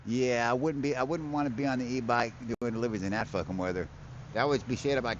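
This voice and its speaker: A man's voice: mid-range voice, fairly quick, a little hiss or hum. A man chatting casually and profanely on a live stream while out in a yard with his dog, on a wireless mic. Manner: laid-back, profane, chuckling, talking to his dog. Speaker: live-streaming delivery rider. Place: outdoors in a yard. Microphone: wireless mic relaying to a laptop. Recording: dull lo-fi stream audio.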